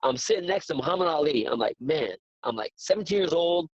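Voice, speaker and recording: Earnest storytelling man, slightly high voice. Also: quick pace, breathy edge, no echo, dull audio. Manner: earnest, excitable storyteller who repeats words. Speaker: guest, boxing trainer. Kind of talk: casual interview storytelling.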